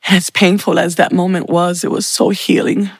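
A woman sharing a heartfelt personal faith testimony, telling her story slowly with pauses. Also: on the low side, level tone, creaky, husky, dry recording.

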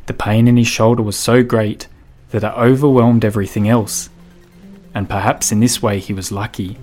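A man narrating a story in a measured, deliberate way. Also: fairly low pitch, a little mellow. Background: music.

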